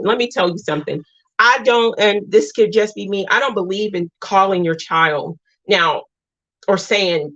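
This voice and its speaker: A woman's voice: medium pitch, animated, normal speed, a bit bright, no room sound, dull audio. A woman in her thirties, a single mom, hosting a casual livestream and talking earnestly to her viewers. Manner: earnest, talks to chat as "y'all". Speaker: livestream host.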